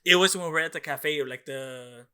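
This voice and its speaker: A man's voice: on the high side, fairly quick, bright, forceful tone, clear, resonant tone. A young man co-hosting a podcast, telling a long story in casual, rambling chat, swearing often and filling his talk with "like" and "dude". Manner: rambling, profane, many "like"s and "dude"s. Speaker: podcast co-host.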